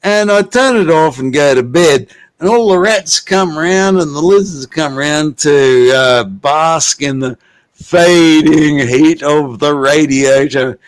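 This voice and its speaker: A man rambling along at a slow, high pitch. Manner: rambling, profane storytelling. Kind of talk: casual chat. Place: at home by his computer.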